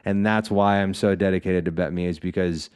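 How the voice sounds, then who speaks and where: A man's voice: low-pitched, steady tone, brisk, darkish tone, smooth. A man guesting on a podcast, telling loose, profane stories in casual chat with lots of "like" fillers. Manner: loose storytelling, swears freely; frequent "like" fillers.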